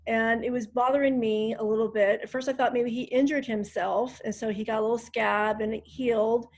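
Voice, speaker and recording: A woman with a fairly high voice hosts a group call from a hotel room. She talks casually and chattily, filling her pauses with ums. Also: steady tone, darkish tone. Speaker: host of a group wellness call. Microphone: online group call.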